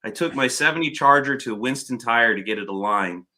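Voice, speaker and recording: A man's voice: mid-range voice, fairly quick. A man hosting a casual chat, telling stories loosely and swearing freely. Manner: storytelling, swears freely, animated when retelling. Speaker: podcast host.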